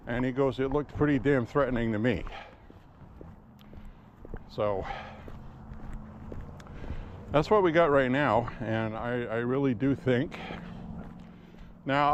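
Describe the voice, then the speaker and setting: A man's voice: mid-range voice, muffled recording, slight background noise. A man talking in a loose, opinionated ramble while walking outdoors on town streets, recorded on a camera strapped to his chest. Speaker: walking vlogger. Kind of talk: casual walking monologue.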